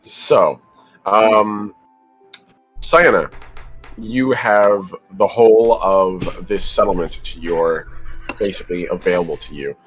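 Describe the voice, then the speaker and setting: A man's voice: low-pitched, slow, breathy edge, soft background music. A man acting as game master and narrating a tabletop game in a rambling, descriptive way, with many filler words.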